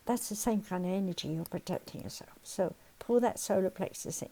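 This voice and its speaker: Older woman teaching in a mellow voice. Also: mid-range voice, brisk, creaky, rough recording. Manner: animated, acts out everyday worries, gives step-by-step instructions. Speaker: counselor and teacher. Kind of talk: spoken lesson with guided exercises.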